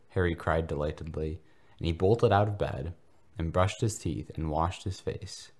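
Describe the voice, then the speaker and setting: Deep voiced guy reading fanfic out loud, deadpan mock-serious narration. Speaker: podcast host reading fanfiction. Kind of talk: mock-earnest comedic narration.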